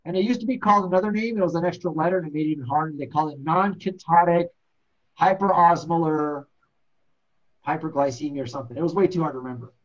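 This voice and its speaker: Man lecturing paramedics, high voice, blunt, joking, dull lo-fi recording. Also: fast talker. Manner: blunt, joking, acts out patient stories. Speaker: paramedic instructor. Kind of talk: classroom lecture.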